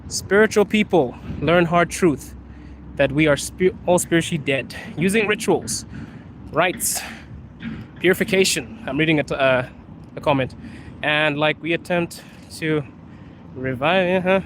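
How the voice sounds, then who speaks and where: A man with a fairly high, fairly bright voice chats casually on a live stream, speaking a little slowly as he answers viewer questions, laughs often, and calls them bro. He keeps coughing from allergies, and faint street and traffic noise sits in the background.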